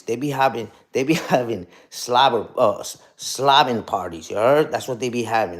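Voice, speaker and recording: A man's voice: mid-range voice, moderate pace. A young man ranting on a casual livestream, profane and combative, ending lines with "you heard?". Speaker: streamer.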